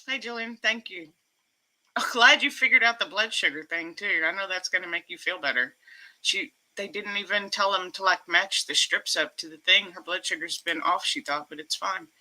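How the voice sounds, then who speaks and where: A woman's voice: on the low side, moderate pace, bright, forceful tone. A woman hosting a casual livestream from home, emotional and upbeat, laughing often as she chats. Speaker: livestream host.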